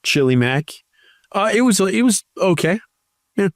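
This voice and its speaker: Man, podcast co-host, slightly high voice, dry close mic, casual reading of listener notes. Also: big pitch swings, measured pace, no room sound. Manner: reads listener profiles aloud with dry asides.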